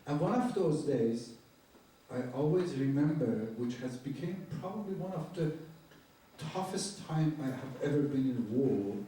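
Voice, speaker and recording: In a university lecture hall, an older photojournalist tells war stories with slides, earnest and halting in his non-native phrasing, and quotes people in a raised voice. His expressive voice runs on the high side with a dark tone, in a roomy, distant recording with slight background noise.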